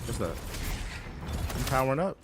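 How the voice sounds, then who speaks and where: A man's voice: mid-range voice, big pitch swings, normal speed, noisy background. A man in his thirties, a streamer, telling loose, profane stories in casual chat while he plays. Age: 30s. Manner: loose, profane storytelling with laughs and asides.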